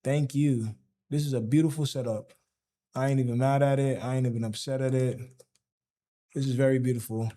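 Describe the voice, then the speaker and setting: A man commentating his own trades on a live stream. He is excitable and slangy, and he talks straight to his chat. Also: medium pitch, brisk, pauses often.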